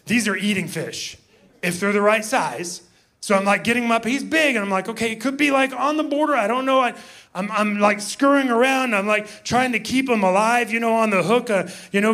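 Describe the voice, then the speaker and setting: A man in his fifties, a pastor telling a story in a sermon, animated and laughing as he acts out shouts. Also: high voice.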